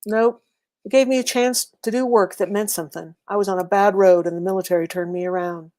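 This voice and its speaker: A woman voicing a quiet, plainspoken older male war veteran in a read-aloud story. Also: mid-range voice, fairly even intonation, a little fast, natural voice. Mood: calm. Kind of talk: audiobook character voice.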